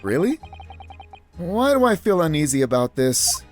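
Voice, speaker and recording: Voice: medium pitch, very animated, measured pace, darkish tone, faint music behind. A player voicing an earnest young male law student in an exasperated, emphatic way. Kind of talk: let's play voice acting.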